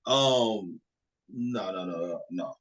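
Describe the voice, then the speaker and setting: A man's voice: on the low side, slow, fairly bright tone, rough recording. A man teaching an informal language lesson in a casual, loose way, with fillers.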